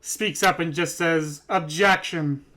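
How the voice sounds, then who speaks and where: A man's voice: fairly high pitch, steady tone, moderate pace, fairly bright tone. A man narrating as game master in a tabletop role-playing game, casual, laughing often and swearing freely.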